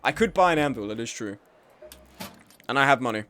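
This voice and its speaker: A man's voice: mid-range voice, expressive, brisk, bright, forceful tone, a little hiss or hum. A man live-streaming a game, chatting casually with his chat in a sweary, self-deprecating way.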